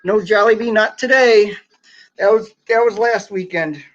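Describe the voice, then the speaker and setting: A man's voice: sits high, normal speed, fairly bright tone. A man hosting a casual live stream from home, chatting and reading out viewer comments. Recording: slightly dull lo-fi sound.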